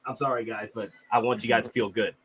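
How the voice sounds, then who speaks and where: A man hosting a casual livestream while he has a cold, talking in a mellow, halting way with many restarts. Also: lowish voice, fairly even intonation, slightly rough. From Houston. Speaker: livestream host.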